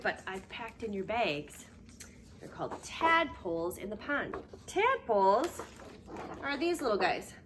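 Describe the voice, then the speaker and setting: A woman teaching a remote preschool lesson, patient and sing-song, sometimes dropping to a hushed whisper to give clues. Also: fairly high pitch, noisy background. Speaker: daycare teacher.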